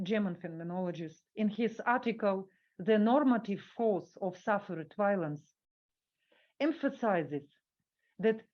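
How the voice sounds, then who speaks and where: A woman giving a workshop talk, reading an academic paper from a script and halting with fillers when she speaks off the cuff. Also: mid-range voice, highs cut off.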